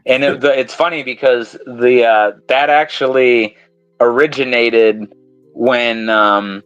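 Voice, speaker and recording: A man's voice: mid-range voice, steady tone, slow, a bit bright, clear, resonant tone, no room sound, lo-fi sound, soft background music. A man from New England with a New England accent, hosting a podcast in casual, rambling, profane chat. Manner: rambling, profane, laughs often. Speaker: podcast host.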